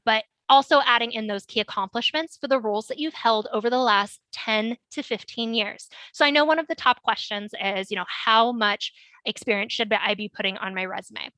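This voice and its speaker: A woman's voice: a little high, sharp tone, no echo, low-quality recording. A woman career coach giving an instructional webinar talk, earnest and emphatic with frequent ums.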